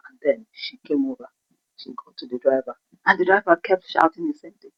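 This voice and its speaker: A Nigerian woman telling a personal story in an animated way, acting out the voices of the people in it. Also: low voice, brisk, no room sound. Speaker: vlogger. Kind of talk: storytime narration. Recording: dull, dry recording.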